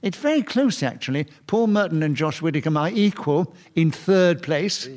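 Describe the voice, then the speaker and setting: A man chairing a radio panel game before a live audience, briskly ruling on challenges. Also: fairly high pitch, expressive, a little mellow. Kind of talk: radio panel show hosting.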